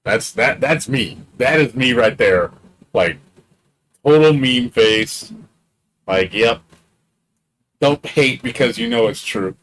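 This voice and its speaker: A man streaming games live, rambling excitably in casual chat, swearing freely and laughing often. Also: mid-range voice, slow pace, long pauses, a little hiss or hum. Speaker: game streamer.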